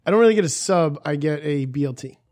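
A man's voice: a little high, animated, darkish tone. A man co-hosting a casual chat who jokes and teases the others. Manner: quick, joking, teasing. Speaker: podcast co-host.

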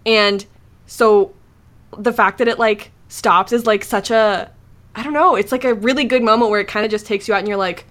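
A woman's voice: medium pitch, moderate pace, a bit bright. A woman hosting a casual podcast chat, talking in a chatty, enthusiastic way with lots of fillers. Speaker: podcast host.

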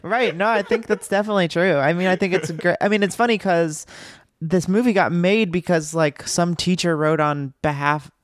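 A man's voice: high-pitched, normal speed, no echo, studio quality. A man chatting casually about a film as a podcast co-host, rambling with lots of fillers and restarts.

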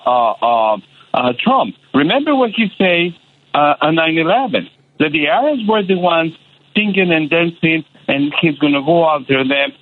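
Impassioned male caller on a tinny phone line. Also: on the high side. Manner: passionate, halting, many repeated fillers. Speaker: radio caller. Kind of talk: impassioned call-in.

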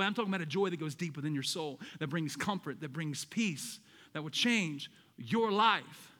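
A man's voice: high-pitched, pushed and bright, big-room sound. A man preaching a sermon as pastor, emphatic and calling out to his congregation. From American South.

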